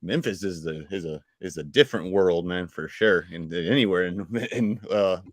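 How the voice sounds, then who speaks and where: A man's voice: sits low, moderate pace, dry recording, clean studio sound. Laughing Southern man on a podcast. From North Carolina. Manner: laughs often, jokey and animated. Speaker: podcast co-host. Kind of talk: casual podcast chat.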